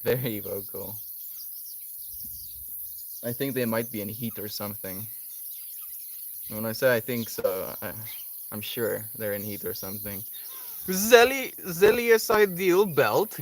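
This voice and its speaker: A man's voice: lowish voice, fairly even intonation, measured pace, vocal fry, long pauses, a little hiss or hum. A man hosting a casual livestream, talking in a laid-back, rambling way and chuckling often. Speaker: livestream host.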